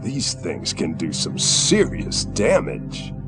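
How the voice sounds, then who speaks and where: An actor playing a young orc hero who makes dry, matter-of-fact remarks in an adventure game. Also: male voice, fairly low pitch, huge pitch swings, slow, over music, full character voice. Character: young male orc hero in disguise, steady. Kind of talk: 1990s adventure game voice acting.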